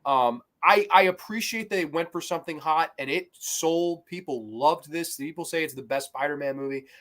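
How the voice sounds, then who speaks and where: A man talking in a relaxed podcast conversation. His voice sits a bit higher than most. He is animated and loose, swears freely and drifts through fillers and restarts. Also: normal speed. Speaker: podcast co-host. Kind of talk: casual podcast chat.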